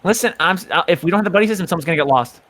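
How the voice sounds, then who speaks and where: An eager boy scout, sticking to the rules and pleading for a buddy, as a man puts him on. His voice rides higher than the narrator's own and swings all over the place. The manner is insistent and a little frantic. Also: lively intonation, very fast, fairly bright tone. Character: eager rule-loving male boy scout.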